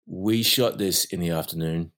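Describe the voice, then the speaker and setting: Deep-voiced Australian-raised man chatting. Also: moderate pace. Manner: animated storyteller, laughs often. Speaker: actor, podcast co-host. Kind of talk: casual chat.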